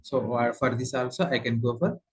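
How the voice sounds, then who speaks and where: A man with an Indian English accent teaching a software tutorial, explaining step by step with frequent fillers and repeats. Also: mid-range voice, steady tone, a little fast, slightly rough, rough recording. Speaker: software trainer. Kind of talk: screen-share tutorial lesson.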